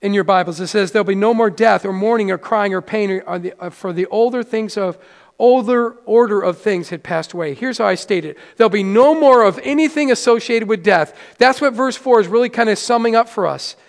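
A middle-aged man preaching a sermon in a church in a conversational way, stumbling over restarts and sinking to soft, quiet lows. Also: a little fast, vocal fry. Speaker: pastor. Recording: long hall reverb.

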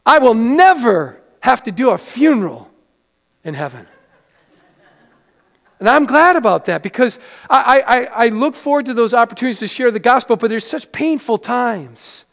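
A middle-aged pastor preaches a sermon in church in a conversational style, stumbling through restarts and dropping to soft, quiet lows. The recording carries long hall reverb.

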